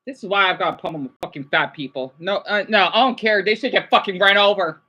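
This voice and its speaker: A woman livestreaming, reacting to videos and chat, swinging between furious rants and quiet apologies. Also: medium pitch, quick pace.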